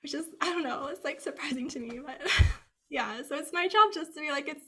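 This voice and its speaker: Woman stylist as interview guest: high, bright voice with some vocal fry, chatty and upbeat. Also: a little fast. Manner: chatty, upbeat, many "like" fillers. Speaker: capsule wardrobe stylist, guest. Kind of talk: casual interview answers. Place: Bay Area, US.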